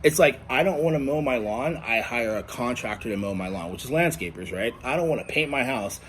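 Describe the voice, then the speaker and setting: A man's voice: mid-range voice, lively intonation, fairly quick, a bit bright, a little hiss or hum. A man giving an angry, profane monologue to camera at home, blunt and combative. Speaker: vlogger. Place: indoors at home.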